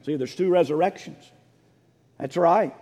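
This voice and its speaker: A man preaching a sermon as pastor, fervent and swelling into shouts, calling for responses from the congregation. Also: a little high, measured pace, breathy edge. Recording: long reverb of a large hall.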